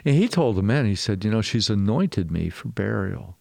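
Man preaching a casual, animated sermon. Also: lowish voice, moderate pace, creaky. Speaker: pastor.

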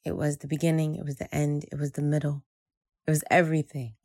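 A woman's voice: low voice, level tone, fast, darkish tone, dry recording. A woman from Jersey City narrating a personal story in a reflective way, repeating phrases for emphasis. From Jersey City, United States.

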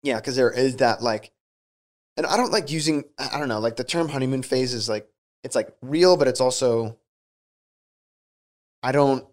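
A man's voice: medium pitch, moderate pace, long pauses. A young man co-hosting a casual podcast chat, rambling and goofy, with many restarts and laughs. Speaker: podcast co-host.

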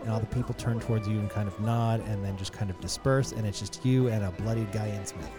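A man's voice: lowish voice, steady tone, quick pace, over music. A man narrating a tabletop game as game master, casual and easygoing, with fillers.

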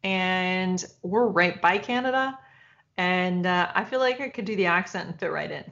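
A woman's voice: fairly low pitch, normal speed, fairly bright tone, dull audio. Woman from Michigan telling a story. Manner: laughing, storytelling. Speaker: podcast co-host. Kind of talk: casual chat.

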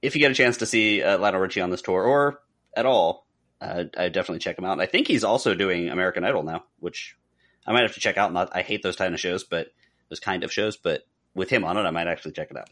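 Man, very low voice, podcast co-host, casual chat, dry quips. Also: quick pace, a bit bright.

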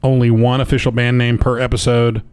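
A man's voice: medium pitch, little pitch movement, a little fast, a little mellow, clear, resonant tone. A man co-hosting a casual podcast, cutting in with quips and teasing his partner. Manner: wisecracking, interjects quips. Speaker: podcast co-host.

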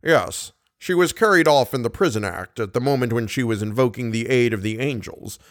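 A man reading an audiobook, voicing a skeptical police commissary with a measured, ironic, solemn manner. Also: mid-range voice, animated, no room sound, studio quality, close to an everyday voice.

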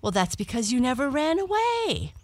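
Perky little storybook cat girl, higher and livelier, as a lady reads her, unhurried. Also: wildly swooping pitch, no echo. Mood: eager. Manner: bright, eager and chatty. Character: young female black cat, curious and adventurous.

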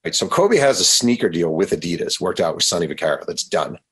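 A man, an author guest on a radio show, telling stories in an animated way and often acting out quotes. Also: sits low, slightly rough. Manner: animated, quick to act out quotes. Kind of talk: storytelling in a radio interview.

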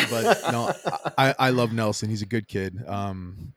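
A man with a lowish voice rambles through a casual story, acting out voices and sounds as he goes. His sound is dry and close to the mic. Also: a little fast, few pauses, no echo. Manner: rambling, animated storyteller who acts out quotes. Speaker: podcast co-host. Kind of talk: casual chat.

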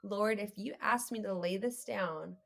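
A woman guest on a faith podcast, telling a story in an animated way and acting out the dialogue. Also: medium pitch, measured pace, creaky. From United States. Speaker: guest, creative entrepreneur.

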